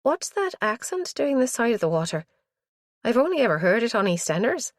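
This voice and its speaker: A woman's voice: a little high, sing-song, a little fast, no echo, studio quality, pitched above the performer's own voice. A woman voicing a tense, sardonic young woman in an audiobook.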